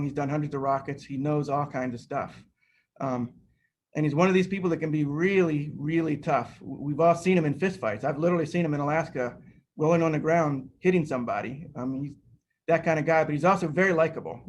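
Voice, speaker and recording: A middle-aged man telling an anecdote during a seminar talk over a video call, lively and full of restarts. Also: fairly high pitch, a little hiss or hum. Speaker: seminar speaker, rocket scientist.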